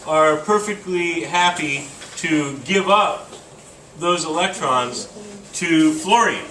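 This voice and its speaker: A male teacher lectures a class in a loose, joking way, thinking aloud with filler sounds. His voice is bright and forceful. It is picked up from a distance in an echoing classroom with faint room noise. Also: a little high, slow pace. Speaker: chemistry teacher.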